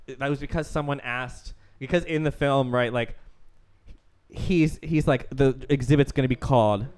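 A man's voice: medium pitch, normal speed, darkish tone, clear, resonant tone. A man co-hosting a podcast, talking in loose, rambling casual chat and laughing often. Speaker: podcast co-host.

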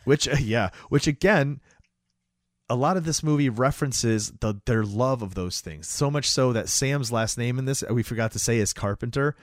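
A man co-hosting a casual talk show, retelling a film scene by scene with lots of fillers and quick acted-out lines. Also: mid-range voice, no echo, studio quality. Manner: animated retelling, acts out lines, many fillers. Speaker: podcast co-host recapping a movie. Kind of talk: casual chat.

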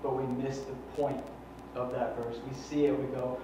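A man's voice: medium pitch, little pitch movement, normal speed. A man pastor preaching a sermon, fervent and conversational, with many rhetorical questions. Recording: echoey hall from far off, dull and faintly noisy.

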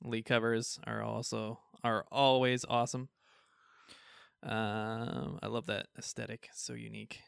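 A man's voice: on the low side, flat delivery, measured pace, gravelly, smooth, no room sound, studio quality. A man co-hosting a casual podcast, reading through a list of new comic releases with jokes along the way. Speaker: podcast co-host.

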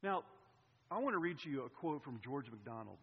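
A man preaching a sermon, telling a personal story in an animated way, his voice swinging between loud and hushed. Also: medium pitch, a little fast, gravelly, husky. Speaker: pastor. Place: church sanctuary. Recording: reverberant hall, dull sound.

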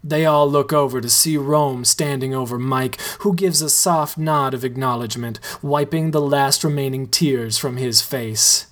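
A man reading a comedic story aloud in a deadpan way. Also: mid-range voice, moderate pace, hardly any pauses. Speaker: narrator.

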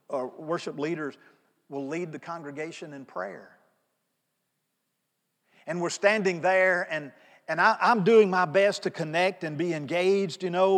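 A middle-aged man preaching a sermon, telling stories in a conversational way and swinging between soft asides and loud emphatic pleas. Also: fairly high pitch. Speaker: pastor. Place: church sanctuary. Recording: long reverb of a church sanctuary.

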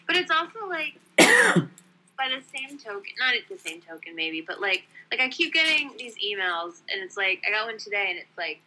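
Woman from New York, very bright voice, blunt, profane, exasperated, casual chat. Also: mid-range voice, very animated, moderate pace, slight background noise, rough recording.

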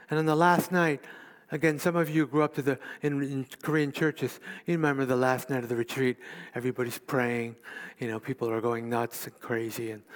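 A pastor in his fifties delivers an animated sermon at a medium pitch, alternating between loud, emphatic lines and quiet asides.

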